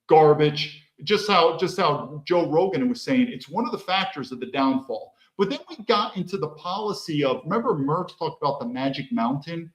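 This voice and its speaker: A man hosting a podcast with heated political commentary, firing off rhetorical questions and swearing freely. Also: fairly high pitch. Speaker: podcast host. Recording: echoey room.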